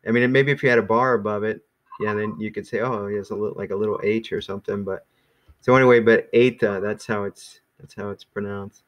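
A man teaching a small class in a relaxed, rambling way, with many ums and restarts. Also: fairly low pitch, quick pace, highs cut off. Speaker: Greek teacher.

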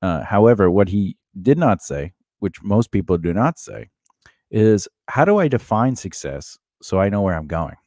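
A man's voice: on the low side, animated, normal speed, a little mellow, dry recording, clean studio sound. A man co-hosting a podcast in casual comedic chat, rambling and joking, with many fillers and restarts. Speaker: podcast co-host.

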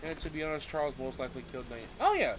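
A man's voice: a little high, sing-song, rapid-fire, background noise. A young man streaming a game, rambling bluntly and profanely while grieving. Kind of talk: casual gameplay livestream chat.

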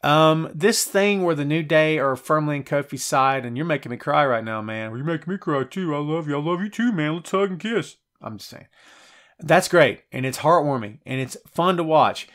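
A middle-aged man hosting a live show, reading out chat messages and wisecracking in an animated, conversational way. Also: fairly high pitch, normal speed. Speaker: podcast host.

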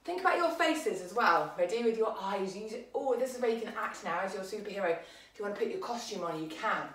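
A woman's voice: medium pitch, animated, brisk, fairly bright tone, echoey room, far from the mic, poor audio. A woman with an English accent teaching a children's dance lesson, counting beats and calling out moves in an upbeat way. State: out of breath.

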